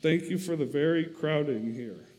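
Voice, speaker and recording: A man reading aloud the lines of a calm, prayerful older sister. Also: on the high side, moderate pace, close to an everyday voice. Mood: earnest. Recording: long reverb.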